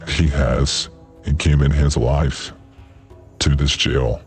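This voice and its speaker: A man voicing a towering, bearded male prison warden through a deep voice changer, slow and stern. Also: little pitch movement, slightly rough, soft background music, heavily acted.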